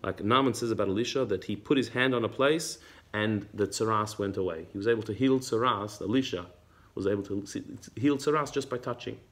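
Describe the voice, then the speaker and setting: A Torah teacher with a lowish voice leads a class on a religious text at a slightly fast clip. He reads Hebrew passages aloud, explains them in English, and often repeats himself along the way.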